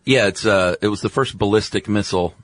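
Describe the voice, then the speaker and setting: Male co-host, very low voice, eager chatty delivery, dry studio sound. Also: fairly bright tone, dry recording. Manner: enthusiastic, chatty, quick to laugh. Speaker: podcast co-host. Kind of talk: casual chat.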